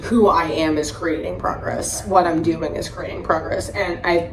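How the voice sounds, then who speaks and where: A woman hosting a podcast, telling recovery stories in a blunt, profane and animated way. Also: on the low side, moderate pace. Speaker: podcast host. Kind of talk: candid recovery chat. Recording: roomy echo with faint hiss.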